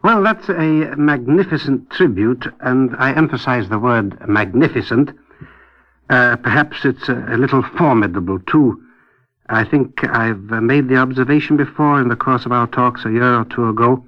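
Man, middle pitch, hesitant wry talk, many pauses, dull old radio sound. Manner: hesitant, full of "uh" and restarts, wry. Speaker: guest commentator. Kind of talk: radio discussion.

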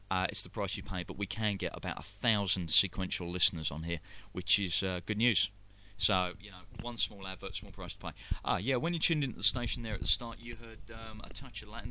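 A lower-voiced man with a London accent chats casually as the host of a live internet radio show. He rambles and restarts his sentences and fills the pauses with ums and uhs. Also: sharp tone, a little hiss or hum. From London, England. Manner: rambling, many fillers and restarts.

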